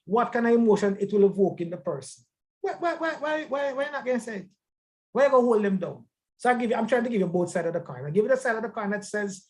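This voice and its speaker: A man's voice: very high voice, expressive, brisk, darkish tone. A man teaching a church life-skills class in a conversational way, emphatic and often repeating words.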